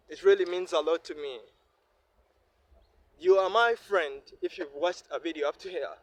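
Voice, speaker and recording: A Ugandan man talking to his viewers in a vlog, earnest and repetitive, speaking from the heart. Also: fairly high pitch. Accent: Ugandan English. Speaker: vlogger. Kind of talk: reflective vlog monologue. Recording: faint ambient noise.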